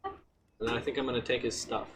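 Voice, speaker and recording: A man's voice: medium pitch, steady tone, a little fast, slight background noise, low-quality recording. A man streamer giving joking, wry commentary on his own gameplay. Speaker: gaming streamer.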